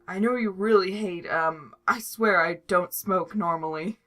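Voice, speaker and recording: A woman reading a fan story aloud, voicing a tired, gloomy male skeleton who talks in a flat monotone and puts himself down. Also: sits low, normal speed, faint music behind. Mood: startled. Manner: flat monotone, self-deprecating.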